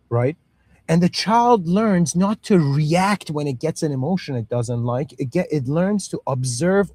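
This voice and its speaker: A man's voice: fairly high pitch, expressive, measured pace, darkish tone, dry recording. A man in his thirties with Middle Eastern roots giving a casual spoken lecture, full of "you know" and "okay", acting out little dialogues. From Middle East. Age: 30s. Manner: acts out parent and child voices.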